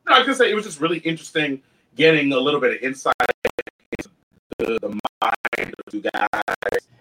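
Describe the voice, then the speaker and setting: A man co-hosting a casual podcast chat, animated, often laughing and quoting himself. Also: mid-range voice, a little fast, rough recording. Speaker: co-host.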